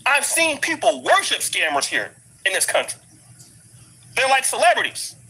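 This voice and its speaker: A middle-aged man with an African American English accent rants in a blunt commentary vlog. His voice sits high for a man and comes out sharp and edgy with a husky grain. He hammers each point by saying it again and again. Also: wildly swooping pitch, moderate pace, low-quality recording. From United States. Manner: blunt, emphatic, repeats points for force. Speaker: commentary vlogger. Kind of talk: ranting commentary. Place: living abroad.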